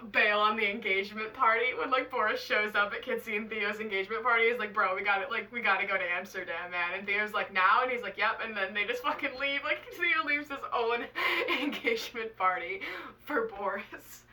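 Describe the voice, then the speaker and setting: A young woman chats to camera in a loose, excitable way, sprinkling "like" through every sentence and swearing freely. Her voice is strikingly bright and keen-edged. She sits back a bit from the mic, so she sounds a touch distant. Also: on the high side, moderate pace. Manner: chatty and excitable, many "like"s, swearing. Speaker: author and book vlogger. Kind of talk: casual chat to camera.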